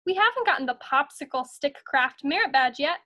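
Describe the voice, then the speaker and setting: A woman's voice: sits high, expressive, a little fast, pushed and bright. A woman voicing an eager young girl bear scout in a storybook read-aloud.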